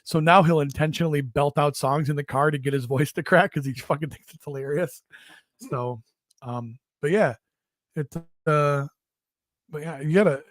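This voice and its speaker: A man's voice: a little high, dry recording, clean studio sound. A middle-aged man co-hosting a comedy podcast, rambling through crude stories about raising kids with profane asides. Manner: profane, rambling storytelling with mocking impressions. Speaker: podcast co-host.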